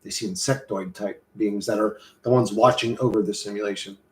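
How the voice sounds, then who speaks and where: A man's voice: fairly low pitch, steady tone, a little fast, reverberant. A man with an American accent streaming casually, rambling and swearing while he reads chat. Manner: profane, rambling, loose and joking. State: hot and sweating.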